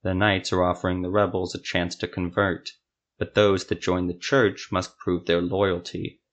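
A man voicing a wary, gruff male monster hunter in a fantasy audio story, speaking tersely. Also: deep voice, little pitch movement, moderate pace. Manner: terse, snarling.

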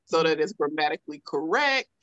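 A woman's voice: sits low, lively intonation, brisk, fairly bright tone, no room sound, lo-fi sound. Southern-accented woman host, dry close sound. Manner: casual, frequent fillers like "like". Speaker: podcast host. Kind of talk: conversational interview.

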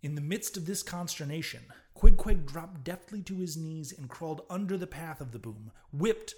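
A man's voice: on the high side, animated, a little mellow. Man reading a classic novel aloud. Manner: measured, declamatory reading. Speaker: narrator.

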